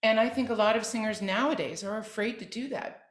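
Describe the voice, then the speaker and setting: A soprano from the opera world, appearing as a podcast guest, earnestly offers advice in an interview conversation. She speaks a little fast at medium pitch, and the room adds an echo.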